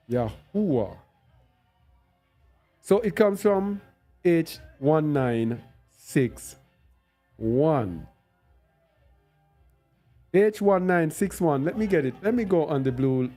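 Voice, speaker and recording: A man's voice: medium pitch, warm tone. A man giving an unscripted bible teaching. He thinks aloud while searching on screen and repeats words for stress.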